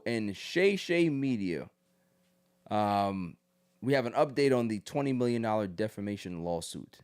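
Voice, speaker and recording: A male podcast host in casual ranting commentary, loud and mocking, slipping into quick impressions. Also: mid-range voice.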